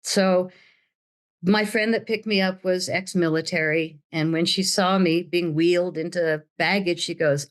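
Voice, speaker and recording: A woman's voice: fairly low pitch, steady tone, measured pace. An older woman telling her story as an interview guest, dramatic and acting out the voices of others. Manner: dramatic, acts out quoted voices.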